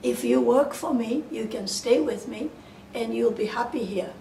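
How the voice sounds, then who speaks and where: A woman voicing Mother Hulda, a kindly old fairy-tale woman who speaks gently, coaxing and giving instructions. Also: a little high, normal speed, vocal fry. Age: older. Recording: roomy, distant mic, faint hiss.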